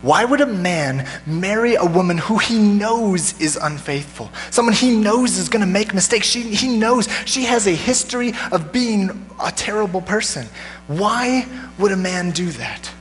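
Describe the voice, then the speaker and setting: A man preaches in a relaxed, chatty way and keeps turning questions back to the congregation. His voice sits a bit high for a man and carries a long church reverb. Faint music plays softly behind him. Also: unhurried. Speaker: pastor. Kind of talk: sermon. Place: church sanctuary.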